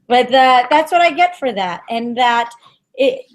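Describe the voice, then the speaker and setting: A woman giving an intuitive tarot reading on a web show, soft and halting, with many fillers. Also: sits high, expressive. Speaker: tarot reader.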